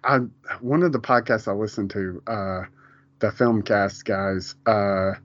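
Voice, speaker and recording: A man's voice: on the low side, a little slow, a bit bright, dry recording. A man co-hosting a casual podcast chat about a TV show. He rambles, restarts often and laughs a lot. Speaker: podcast co-host. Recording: dull, lo-fi home podcast audio.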